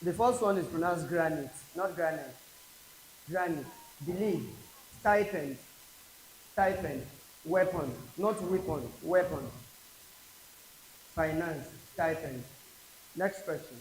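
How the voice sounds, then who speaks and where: A Nigerian man tutoring an English exam class, his voice sitting a touch high and moving at a slow, deliberate crawl. He says each word twice or more so students can copy it. The sound bounces around an echoey room, with a faint hiss underneath. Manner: slow, repeats each word aloud for drilling. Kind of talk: exam prep class lecture.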